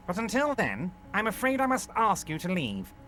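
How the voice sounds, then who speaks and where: An actor playing a heavyset male union boss in a video game, genial and smooth but manipulative. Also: sits high, wildly swooping pitch, normal speed. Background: game music.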